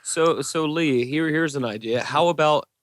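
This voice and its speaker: A man co-hosting a podcast in casual chat, joking and pitching ideas as questions. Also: normal speed, no echo, clean studio sound. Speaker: podcast co-host.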